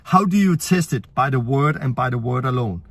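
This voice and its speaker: A man's voice: medium pitch, animated, a little fast, husky, no echo. A man preaching a sermon in earnest, plain-spoken, imperfect English.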